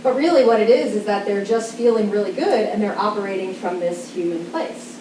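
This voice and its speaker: Woman, parenting talk, animated, acts out kids, roomy room, distant mic, faint hiss. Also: mid-range voice, brisk. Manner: animated, acts out children's voices. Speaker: parenting educator. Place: school event room. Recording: roomy hall sound from far off, faint hiss.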